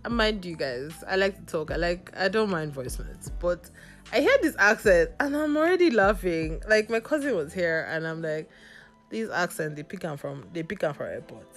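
A woman tells a dating story on her podcast in a casual, playful, sassy way. Her voice sits a little low. She laughs easily as she talks. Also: animated, normal speed, soft background music. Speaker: podcast host.

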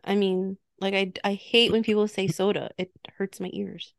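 Gravelly-voiced Chicago woman chatting. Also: medium pitch, fairly even intonation, normal speed, no room sound. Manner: giggly, joking, chatty. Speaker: podcast co-host. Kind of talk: casual chat.

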